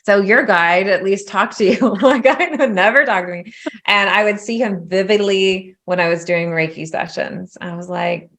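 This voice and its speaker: A woman hosting a podcast as a spiritual business coach, chatting casually and acting out voices in her stories. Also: lowish voice. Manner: animated, acts out voices in quotes. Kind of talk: casual interview chat.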